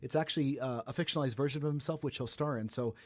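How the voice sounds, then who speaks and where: A young man from the Atlanta area hosting a casual celebrity gossip podcast, chatty and animated. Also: quick pace, no echo. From Atlanta area, Georgia. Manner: chatty and animated, breaks into high sung bits. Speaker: podcast host.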